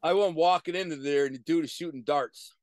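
A middle-aged man, a guest on a video-call interview, telling profane street stories in an animated way with sudden loud bursts. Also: fairly high pitch, brisk, no room sound. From Detroit, USA. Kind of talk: casual storytelling.

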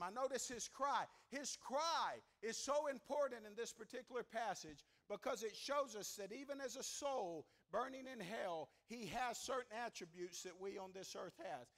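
A preacher with a high, ringing voice delivers a revival sermon from a church pulpit. He builds in waves to shouted, repeated phrases, then sinks into low, hushed pleading. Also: expressive, moderate pace, hardly any pauses. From American South. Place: church sanctuary.

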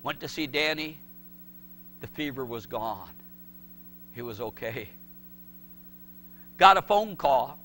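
A middle-aged man preaching a sermon, swinging from shouted pleas to hushed words. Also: medium pitch, expressive, takes it slowly, pauses often, a little hiss or hum. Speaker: pastor.

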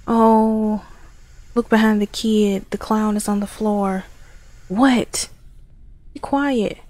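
A woman's voice: medium pitch, steady tone, takes it slowly, a little mellow, dry recording. A woman commenting as she plays horror games, reacting to jump scares with gasps and nervous laughs. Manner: jumpy, gasping reactions. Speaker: horror game player. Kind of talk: let's play commentary.

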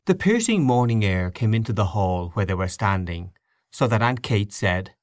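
Male audiobook narrator, measured reading, low voice, very lively intonation. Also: no room sound, clean studio sound. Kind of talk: scripted narration.

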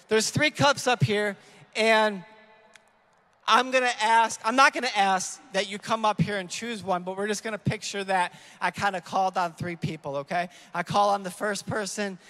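High-voiced energetic young preacher, bright tone. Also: male voice, long reverb tail. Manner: energetic, acts out people in an illustration, rambling self-corrections. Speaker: youth leader preaching. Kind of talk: sermon. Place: church hall.

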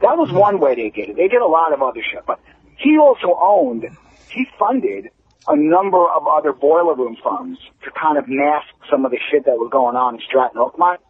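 A male caller on a radio show, explaining things quickly and casually, swearing now and then. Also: on the high side, very animated, husky. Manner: fast, explanatory, swearing freely. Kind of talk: casual phone-in chat. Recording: tinny phone line.

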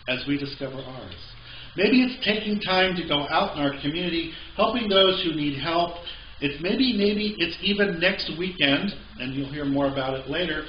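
A man's voice: a little high, slight background noise. A male pastor preaching a sermon in a conversational way with joking asides, in a church sanctuary. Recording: echoey, slightly dull church recording.

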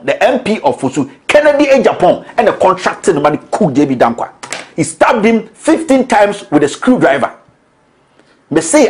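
A man with a Ghanaian accent, hosting a political commentary show in a combative, accusatory, emphatic way. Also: sits high. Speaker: show host.

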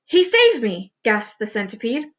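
A woman's voice: medium pitch, fairly quick, bright, forceful tone, close to an everyday voice. A woman voicing a frantic, fussy male centipede in a storybook read-aloud. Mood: breathless.

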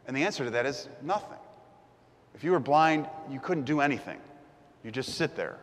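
A man's voice: mid-range voice, fairly bright tone, big-room sound. A man preaching a sermon as the pastor, telling the story vividly and acting out the crowd's voices.

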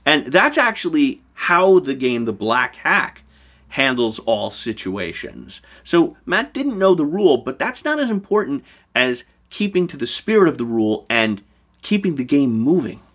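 Animated man teaching game mastering. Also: mid-range voice, unhurried. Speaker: show host giving game master advice. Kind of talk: scripted talk to camera.

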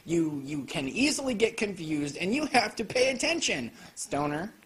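A man giving a casual, joking film review, full of swearing and quick asides. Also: sits high, very animated, a bit bright. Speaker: anime reviewer. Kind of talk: casual profane video review.

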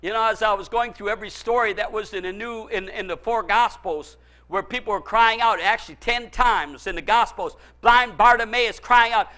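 High, bright-voiced emphatic male preacher. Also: normal speed. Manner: emphatic, repetitive preaching with personal stories. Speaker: pastor. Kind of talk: sermon.

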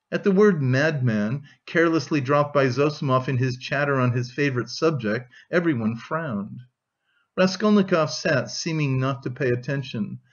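Man reading a classic novel aloud. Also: medium pitch. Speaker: audiobook narrator. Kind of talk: audiobook reading, light voicing of characters. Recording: dull lo-fi recording.

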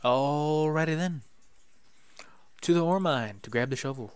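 A man's voice: on the high side, unhurried, clean tone, no room sound. A man casually commenting on a video game as he plays, joking and muttering to himself. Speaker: gaming YouTuber. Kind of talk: let's play commentary.

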